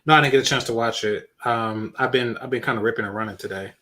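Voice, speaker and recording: A man's voice: mid-range voice, fast talker, pushed and bright. A man joining a casual live-stream chat as a guest, polite and hesitant, with many fillers.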